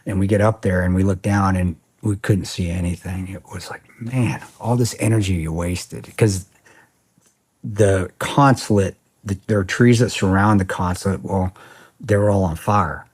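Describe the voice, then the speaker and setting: A husky, somewhat low-pitched man talks casually as a podcast guest. He tells his story in an animated, profane way and keeps tossing in "man.". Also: normal speed. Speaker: podcast guest, former soldier.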